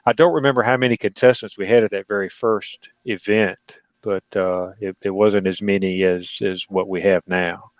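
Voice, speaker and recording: Low-voiced man reminiscing, dry sound. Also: fairly even intonation, normal speed, dry recording, low-quality recording. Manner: hesitant, with many restarts and fillers. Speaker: guest. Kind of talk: casual reminiscing conversation.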